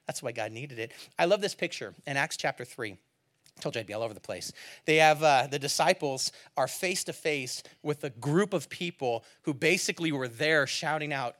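A man preaching a sermon, moving between quiet, low asides and loud, emphatic passages while reading scripture aloud. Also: creaky. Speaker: pastor.

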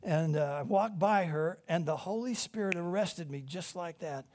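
High-voiced man preaching animatedly. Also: moderate pace, slight background noise. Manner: animated storytelling, swings between loud emphasis and hushed tones. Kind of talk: sermon.

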